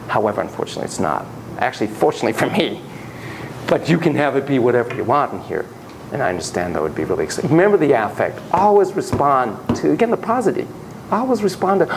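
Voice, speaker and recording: Brief: animated male lecturer, lively and self-deprecating, slightly high voice, faint room noise. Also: fairly quick, rough recording. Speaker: lecturer on child psychotherapy. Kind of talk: classroom lecture with anecdotes.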